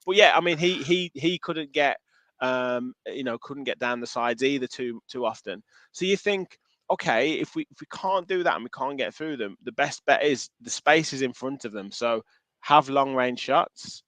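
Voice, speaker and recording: A man's voice: mid-range voice, moderate pace, no room sound. A man co-hosting a football podcast, chatting casually and often restarting his sentences. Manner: animated, restarts phrases, reads out viewer comments. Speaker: podcast co-host.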